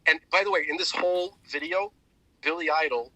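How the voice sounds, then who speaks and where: A man with a very bright, keen-edged voice talks in a casual podcast chat. He rambles in an animated way and restarts his sentences often. The sound is close and dry, with no room around it. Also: on the high side, a little fast, no room sound, low-quality recording. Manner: rambling, animated retelling with many restarts and fillers. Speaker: podcast co-host.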